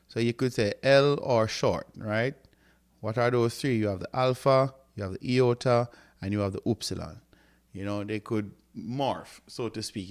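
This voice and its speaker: Slow, deliberate male language teacher. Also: mid-range voice. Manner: repeats words and checks in with "right?"; sounds out words slowly. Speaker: Greek teacher. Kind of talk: classroom lecture.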